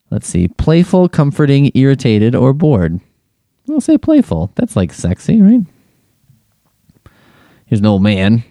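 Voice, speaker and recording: A man's voice: mid-range voice, gravelly, dark tone, dry recording, clean studio sound. A man hosting a comedic solo podcast, giving crude, sarcastic and exasperated running commentary as he takes a quiz. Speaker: podcast host.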